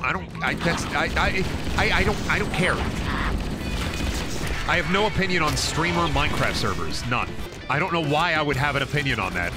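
Brief: exasperated male game streamer, high-pitched for a man, chatting over game music. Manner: rambling, heavy swearing, exasperated. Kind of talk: casual stream chat.

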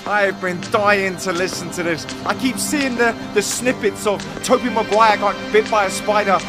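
A reaction video host giving hyper, rambling commentary, swearing constantly and bubbling with excitement. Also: medium pitch, normal speed, over music.

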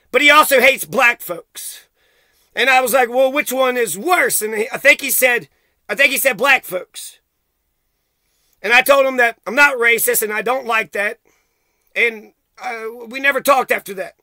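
A man with a very high, sharp and piercing voice unloads a profane, accusatory rant straight at the camera. His heated delivery sounds close and completely dry, with no room at all around it. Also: moderate pace, no room sound. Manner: heated, swearing constantly, accusatory. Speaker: vlogger.

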